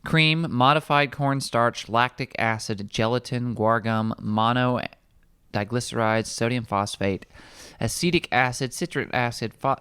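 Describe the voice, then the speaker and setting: Wry, animated man reading food labels. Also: medium pitch, clean tone, dry recording, studio quality. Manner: animated, wry, lists ingredients aloud. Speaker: nutrition coach. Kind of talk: casual kitchen chat, reading labels. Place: office kitchen.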